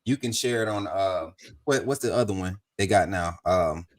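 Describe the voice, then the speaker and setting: Energetic man hosting a sports stream. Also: deep voice, moderate pace. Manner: energetic, chatty, hypes the audience. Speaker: show host. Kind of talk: casual sports talk livestream.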